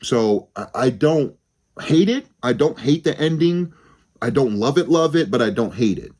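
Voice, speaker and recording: A man's voice: mid-range voice, animated, moderate pace, a little mellow. A young man giving a rambling, casual film review on his channel, swearing freely and often restarting his sentences. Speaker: movie review vlogger.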